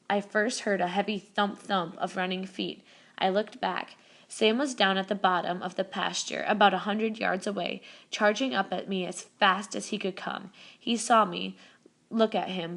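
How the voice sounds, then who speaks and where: Woman reading a novel aloud. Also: mid-range voice. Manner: steady reading with small self-corrections. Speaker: reader. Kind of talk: audiobook narration.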